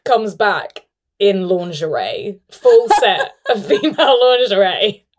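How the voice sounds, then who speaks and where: A woman's voice: mid-range voice, expressive, takes it slowly, a little hiss or hum. A woman voicing a lecherous male Grinch creature in a comedic improvised role-play, with a hammy, purring seductive manner.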